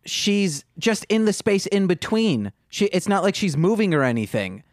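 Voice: medium pitch, very animated, moderate pace, dry recording, clean studio sound. Matter-of-fact podcast co-host. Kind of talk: casual chat.

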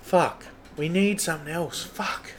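A young adult Australian man hosting a solo podcast, thinking aloud in a halting, muttering way with a lot of swearing. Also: a little high, a bit bright, a little hiss or hum. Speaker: podcast host. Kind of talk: casual solo podcast chat.

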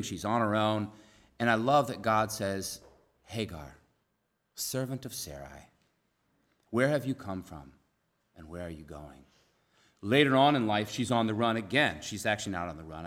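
A man preaching a conversational sermon, earnest, repeating key phrases and dropping to a soft hush for emphasis. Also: lowish voice.

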